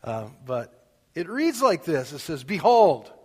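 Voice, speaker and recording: A middle-aged man preaching a sermon in an everyday conversational way, getting louder and more emphatic when he reads scripture. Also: on the high side, huge pitch swings, measured pace, breathy edge. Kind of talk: casual sermon. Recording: long reverb of a hall.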